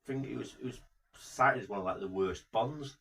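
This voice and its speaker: A man's voice: mid-range voice, normal speed, creaky, fairly bright tone. A man co-hosting a podcast, telling stories hesitantly and correcting his friend. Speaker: podcast co-host. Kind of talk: casual banter. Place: small summerhouse studio.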